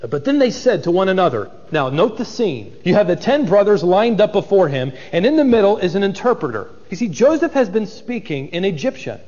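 A man's voice: sits high, very animated, a little fast, few pauses, a little mellow, long reverb tail, highs cut off. A man preaching an expository sermon, dramatic and acting out the voices of biblical figures.

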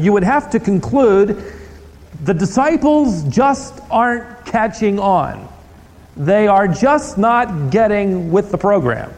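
A male pastor preaching a sermon in a church, telling stories with animated delivery and rhetorical questions. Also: high-pitched. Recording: long hall reverb.

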